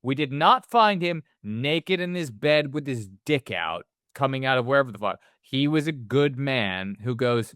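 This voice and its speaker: A man's voice: mid-range voice, lively intonation, normal speed, hardly any pauses, fairly bright tone, clean tone, dry recording, clean studio sound. A man co-hosting a movie podcast, talking casually and animatedly, swearing often and acting out characters' lines. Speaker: podcast co-host.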